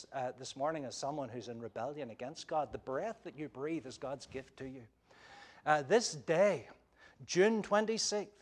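A man preaching a sermon as pastor, earnest and pleading, with frequent "uh" fillers and restarts. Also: on the high side.

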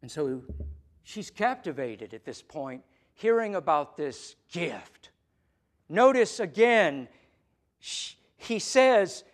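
A man pastor preaching a sermon, emphatic, with loud stressed phrases and soft, low asides. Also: lively intonation, takes it slowly.

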